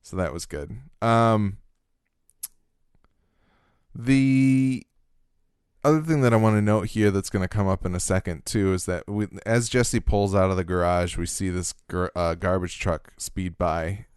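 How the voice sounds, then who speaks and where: A man's voice: low voice, unhurried, a little mellow, clear, resonant tone, no echo, clean studio sound. A man co-hosting a podcast in casual chat, thoughtful and a little hesitant, with fillers and restarts. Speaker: podcast co-host.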